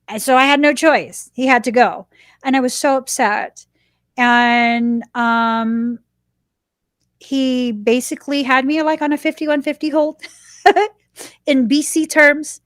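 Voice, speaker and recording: A woman podcast host telling a personal story in an animated, chatty way, laughing now and then. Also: high voice, measured pace, no room sound, studio quality.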